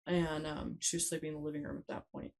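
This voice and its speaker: A woman with a low, gravelly voice speaks as a guest in a conversational interview. She tells her story haltingly and often pauses to search for words. Her delivery is unscripted and personal. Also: level tone, darkish tone, rough recording. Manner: hesitant, many pauses and fillers. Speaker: podcast guest.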